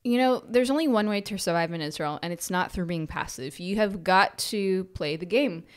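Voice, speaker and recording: A young American woman in her twenties, a podcast guest telling animated personal anecdotes. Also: lowish voice, moderate pace, clear, resonant tone. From United States. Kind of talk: podcast interview storytelling.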